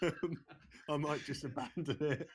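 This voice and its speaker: A man's voice: on the high side, measured pace, slight background noise. A man with a British accent co-hosting a podcast in casual chat, dry and joking. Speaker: podcast co-host.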